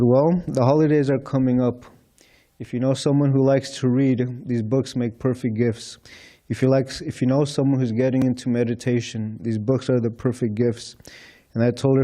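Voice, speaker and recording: A man's voice: medium pitch, dark tone. A man speaking as a temple speaker, telling anecdotes to a congregation and retelling conversations with light chuckles. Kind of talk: storytelling talk to a congregation. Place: temple hall.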